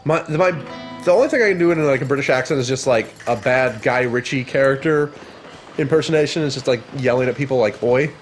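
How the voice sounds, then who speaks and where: A man's voice: mid-range voice, fast talker, faint music behind. A man co-hosting a game stream, teasing his partner in a dry way. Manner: dry, teasing, reads lists aloud. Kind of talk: casual gaming chat.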